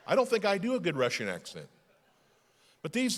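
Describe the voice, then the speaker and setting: A man's voice: high voice, very animated, fairly quick. Emphatic male pastor preaching in a hall. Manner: emphatic preaching with swings from loud to hushed. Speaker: lead pastor. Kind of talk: sermon. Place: church sanctuary.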